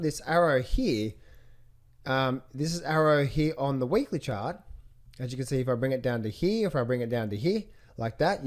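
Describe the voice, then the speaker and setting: A man teaching trading from charts on screen, who keeps asking rhetorical questions and repeating his phrases. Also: medium pitch. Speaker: trading coach. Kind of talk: screen-share chart walkthrough.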